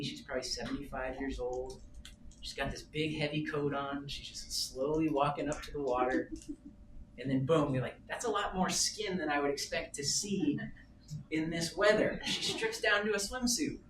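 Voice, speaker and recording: Man in his thirties, animated storyteller, slightly high voice, distant roomy mic, background noise and rumble. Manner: animated, self-amused storytelling. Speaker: presenter at a sales meeting. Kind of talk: casual storytelling talk. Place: meeting room. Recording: roomy, distant, noisy meeting room.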